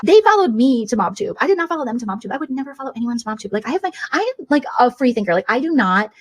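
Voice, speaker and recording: A self-absorbed 54-year-old livestreamer gossips at breakneck speed, as a woman puts her on, her voice sitting a touch high. She gasps, swears and flips between sugary greetings and spiteful digs. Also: lively intonation, no echo. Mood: catty gossip. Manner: rapid, gossipy, gasping, swearing, mock-innocent. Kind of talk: comedic impression of a livestream.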